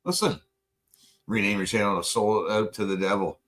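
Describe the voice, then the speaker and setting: A man hosting a late-night casual chat, rambling and swearing freely, with an animated, profane delivery. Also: fairly low pitch, moderate pace, low-quality recording. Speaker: podcast host.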